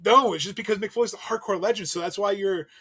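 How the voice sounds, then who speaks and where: A man co-hosting a casual wrestling podcast, animated, laughing often and swearing. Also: sits high, quick pace, slightly rough. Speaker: podcast co-host.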